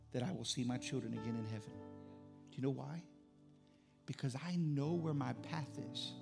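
A middle-aged man preaches a sermon to his congregation, his voice gravelly and worn at the edges. He drives his points home through loud, emphatic repetition, then drops low and quiet. Soft instrumental music plays faintly beneath him. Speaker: pastor. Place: church service.

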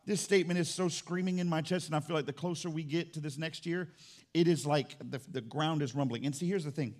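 A male pastor preaching a sermon in a church, impassioned, swinging from low and intimate to loud and fervent. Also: fairly quick. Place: church sanctuary.

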